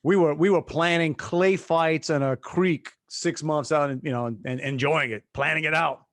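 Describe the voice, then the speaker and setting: A man in his fifties from Louisiana, co-hosting a casual chat and telling animated stories. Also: on the high side, normal speed, no echo. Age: 50s. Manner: animated storyteller, acts out voices. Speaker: podcast co-host.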